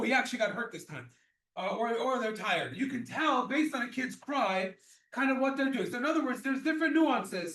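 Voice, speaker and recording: A man with a very high voice teaches a religious law class. He explains each point patiently, repeats himself and restarts his sentences. He sounds distant from the mic, in a room full of echo. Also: a bit bright. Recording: echoey room, mic far off.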